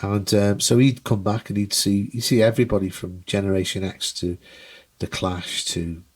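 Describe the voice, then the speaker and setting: A man with a slightly husky voice, chatting on a podcast. He tells his stories with gusto, slipping into the voices of the people he describes and swearing freely along the way. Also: lowish voice, steady tone, moderate pace. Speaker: guest comedian and musician. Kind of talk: casual podcast chat, anecdote telling.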